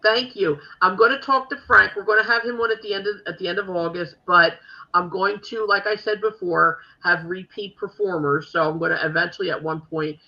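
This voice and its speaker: A woman's voice: mid-range voice, fairly even intonation, brisk, bright, forceful tone. A woman hosting a talk show in casual chat, rambling with lots of fillers, on dull lo-fi audio.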